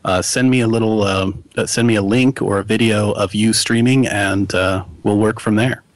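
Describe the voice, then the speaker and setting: A man co-hosting a podcast, talking in a relaxed, halting way with plenty of fillers. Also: lowish voice, dry recording. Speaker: podcast co-host. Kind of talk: casual podcast chat.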